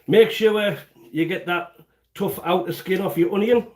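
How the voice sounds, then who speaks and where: A man's voice: high-pitched, measured pace, slight background noise. A man hosting a casual home cooking livestream, chatting and explaining each step in a rambling way. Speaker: home cooking channel host. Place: home kitchen.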